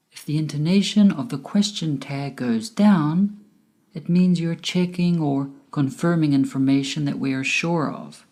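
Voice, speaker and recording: This woman's low-pitched voice has a dark tone as she works through a scripted English grammar lesson. She speaks slowly and with care, pushing her example sentences up and down in pitch.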